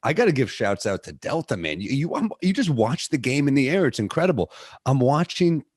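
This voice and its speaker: A young man co-hosting a sports podcast in casual chat, animated and swearing as he tells stories. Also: medium pitch, fairly quick, no room sound, studio quality. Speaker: podcast co-host.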